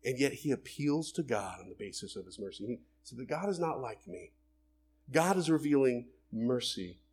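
Husky, animated man preaching a sermon. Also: mid-range voice, normal speed. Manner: animated, acts out voices of people and God in quotes.

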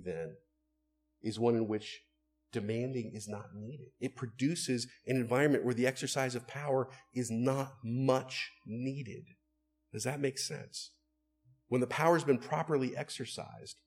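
A man's voice: mid-range voice, darkish tone, breathy edge. A man, a pastor, preaching an earnest, conversational sermon and asking his listeners rhetorical questions.

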